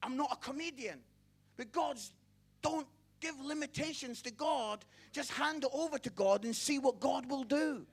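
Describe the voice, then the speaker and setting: High-voiced man preaching with fervor. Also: unhurried. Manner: impassioned, swings from loud exclamations to hushed, stammering repeats. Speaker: evangelist preacher. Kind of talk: passionate sermon.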